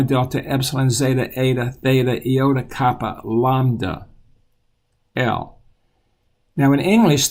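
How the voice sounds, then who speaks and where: A man teaching children the alphabet, patiently repeating each letter aloud in a steady voice. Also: mid-range voice.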